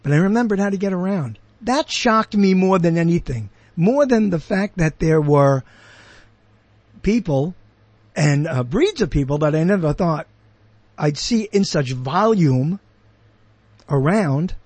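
An older Brooklyn man hosts his own show, delivering a rambling solo monologue that drifts off topic as he questions and corrects himself. His voice is on the high side and a little mellow, animated yet measured in pace, with no room sound.

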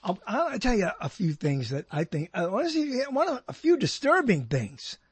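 Older male radio host, high husky voice, rambling and jokey, dry close mic. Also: very animated, normal speed, dry recording. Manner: rambling, jokey, self-deprecating asides. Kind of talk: solo radio talk, rambling.

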